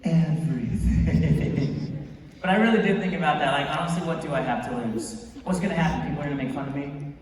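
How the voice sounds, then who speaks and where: A young man delivers a motivational speech as a lively, playful story and laughs often. His voice sits a little high. He sounds distant, in a big hall with a long echo. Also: racing, background noise. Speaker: motivational speaker. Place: large convention hall. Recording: echoey hall from far off.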